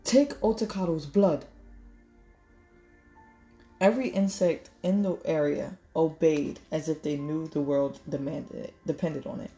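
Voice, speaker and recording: A woman reading a novel aloud in measured storytelling, correcting small slips as she goes. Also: sits low, fairly even intonation, dark tone, soft background music. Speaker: audiobook reader.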